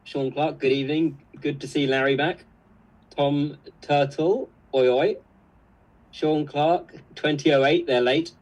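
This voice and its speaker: A man's voice: fairly high pitch, steady tone, unhurried, low-quality recording. A man co-hosting a live stream, reading viewer comments aloud in a casual, chuckling way. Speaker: co-host reading live chat.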